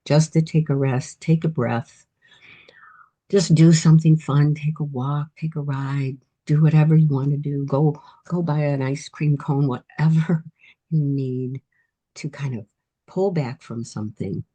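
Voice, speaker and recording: A woman's voice: low-pitched, fairly even intonation, unhurried, warm tone, husky. A woman in her eighties, an author guest telling life stories in a reflective, encouraging way. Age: 80s. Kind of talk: casual interview storytelling.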